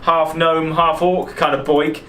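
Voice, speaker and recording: A man's voice: a little high, little pitch movement, a little slow, bright, forceful tone, reverberant, rough recording. A man voicing a group of smug, boastful male dragons.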